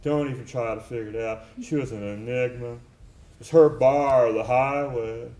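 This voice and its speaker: A man's voice: medium pitch, fairly even intonation, moderate pace, warm tone. A man performing a theatrical one-man monologue on stage, telling his story in a reflective, tender and wry way. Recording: echoey live theater recording.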